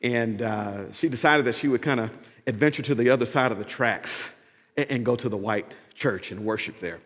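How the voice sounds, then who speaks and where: A male pastor delivering a sermon, shifting from animated storytelling to a hushed, earnest prayer. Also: mid-range voice, moderate pace. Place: church sanctuary. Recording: long hall reverb with music behind.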